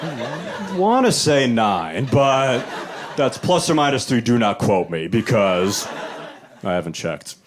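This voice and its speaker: Animated stand-up comedian, man, lively pitch. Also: takes it slowly, background noise. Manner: loose conversational delivery, animated voices for quoted people. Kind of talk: live stand-up set. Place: small club stage with live audience.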